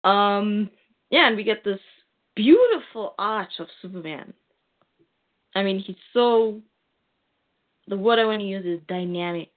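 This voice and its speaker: A woman's voice: mid-range voice, expressive, a little slow, long pauses. A woman casually recapping a comic book, chatty and hesitant with many fillers. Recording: tinny phone-like sound.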